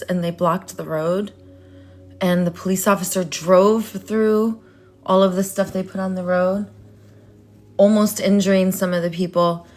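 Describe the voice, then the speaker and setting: A woman vlogging in a rambling, playful rant that sometimes drops into a whisper. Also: medium pitch. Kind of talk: casual rant to camera.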